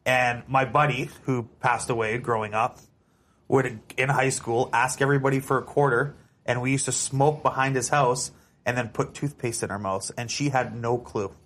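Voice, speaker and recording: A man's voice: mid-range voice, normal speed. Man host telling a story casually. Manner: storytelling, animated asides. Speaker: podcast host. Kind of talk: casual chat.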